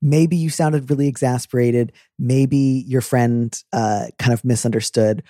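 A man hosts a casual advice chat, joking and playful as he talks things through. His voice is mellow and warm, at an ordinary middle pitch. The sound is dry and close, with no room echo. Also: a little slow. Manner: playful, jokey, animated impressions. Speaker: advice podcast host.

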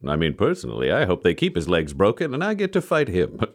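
A man's voice: low voice, wildly swooping pitch, quick pace. A man playing a tabletop game, laid-back and amused. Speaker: player. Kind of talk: casual tabletop play.

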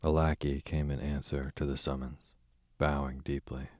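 Man reading a sleep story, super deep voice, dry close mic, calm. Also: normal speed, no echo. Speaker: narrator.

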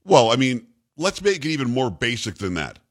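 A man's voice: medium pitch, very animated, normal speed. A man hosting a talk radio show, making his points with rhetorical, emphatic questions to his co-host.

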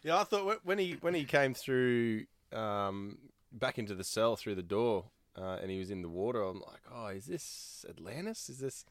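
A man co-hosting a casual podcast, loud and sweary, laughing a lot. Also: lowish voice, lively intonation, moderate pace, clear, resonant tone, no room sound. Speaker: podcast co-host. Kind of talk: casual chat.

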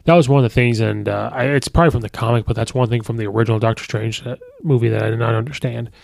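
Rambling man with a gravelly voice. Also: mid-range voice, steady tone, racing, a little mellow, no echo, clean studio sound. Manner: rambling, many fillers and restarts. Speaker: podcast host. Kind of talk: casual movie review monologue.

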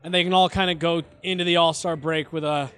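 High-voiced man hosting a sports podcast. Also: fairly even intonation, quick pace, a bit bright, clean tone. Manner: rambling, laughs often, restarts. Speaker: podcast host. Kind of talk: casual sports chat.

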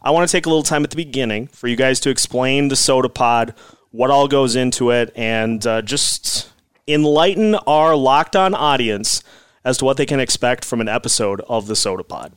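A relaxed male host chatting on a sports podcast. His voice sits at an ordinary middle pitch and sounds close and dry, with no room around it. He rambles a little and fills gaps with "uh" and "um.". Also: moderate pace, clean tone, dry recording. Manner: easygoing, rambling with fillers. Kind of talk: casual podcast chat.

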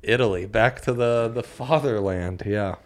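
A man's voice: fairly low pitch, measured pace. A man from Colorado co-hosting a podcast, joking around in casual banter and laughing often. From Colorado, United States. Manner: jokey, animated, laughs often. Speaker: podcast co-host.

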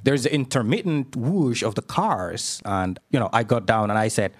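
Man from Somalia, young adult, interview guest, halting speech, lots of fillers and restarts. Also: mid-range voice, breathy edge. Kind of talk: conversational storytelling.

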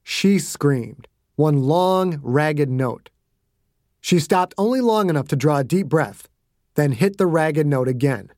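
A man's voice: on the high side, animated, slow pace, a little mellow, no room sound, clean studio sound. A man narrating his own fiction as a scripted audiobook with dramatic delivery. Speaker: author and narrator.

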